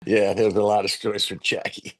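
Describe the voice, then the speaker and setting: A man, a comedian guest telling lively stories on a podcast and acting out other people's loud voices. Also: lowish voice, fairly quick. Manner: animated storyteller, acts out loud voices of others. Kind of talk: storytelling podcast interview.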